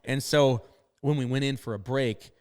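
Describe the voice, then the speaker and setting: A man from northern Maine hosting a podcast, telling stories in an animated, casual way. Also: medium pitch, normal speed. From northern Maine, USA. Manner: animated storyteller, acts out quotes. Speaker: podcast host. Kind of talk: casual storytelling chat.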